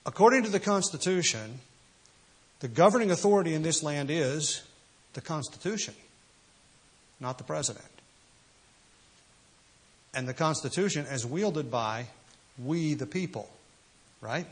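A man's voice: fairly high pitch, lively intonation, a little slow, pauses often, breathy edge. A man preaching a sermon, emphatic and full of rhetorical questions. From United States. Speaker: pastor.

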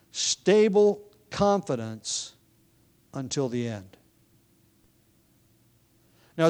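A man giving an expository sermon, teaching in a measured, explanatory way with occasional restarts. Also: a little high, a little mellow. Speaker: preacher.

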